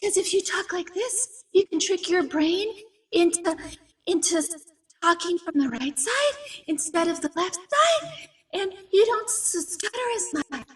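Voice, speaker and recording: A woman doing a breathy old-movie starlet voice. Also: extremely high pitch, lively intonation, a little slow, distant mic, pitched above the performer's own voice. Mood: sultry. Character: breathy sultry screen-star woman impression.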